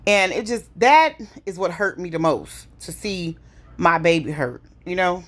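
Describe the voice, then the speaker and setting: A woman in her forties with a fairly low voice talks to her viewers. She is open and emotional, loops back over her own words and fills the gaps with casual asides. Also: lively intonation, measured pace, a bit bright. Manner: emotional, conversational, repeats herself. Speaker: vlogger. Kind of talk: personal storytelling.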